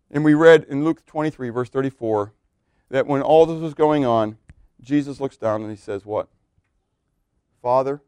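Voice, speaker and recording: Male pastor, sermon, high voice, dry close sound, animated delivery with loud bursts and soft asides. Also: no room sound. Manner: animated, swings between loud exclamations and quiet asides.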